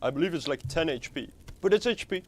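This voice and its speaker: A man's voice: on the high side, expressive, fast, a little mellow. Guy streaming a game, rambly and joking around, swears a bit. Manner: rambling, playful, swears casually. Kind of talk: casual live game stream chat.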